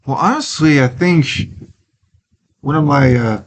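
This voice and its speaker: Cheerful husky-voiced man from Wisconsin. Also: on the high side, a little slow. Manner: cheerful, laughs often. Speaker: guest, stage actor. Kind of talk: casual interview chat.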